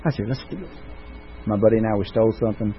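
A man's voice: on the low side, fast, husky. A middle-aged man giving a recovery meeting testimony, telling his story with folksy, self-mocking humor. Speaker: recovery speaker. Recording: tinny phone-like recording with faint noise.

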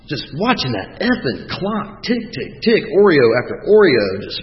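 A man's voice: a little high, wildly swooping pitch, normal speed, few pauses. Plain-spoken man, blunt and profane, roomy hall echo, dull lo-fi sound. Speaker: recovering alcoholic speaker. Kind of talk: personal recovery talk.

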